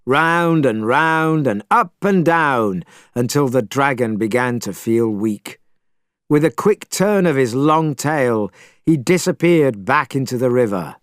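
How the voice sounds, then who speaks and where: A man narrating a storybook chapter in a measured, expressive way. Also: medium pitch, no echo, clean studio sound.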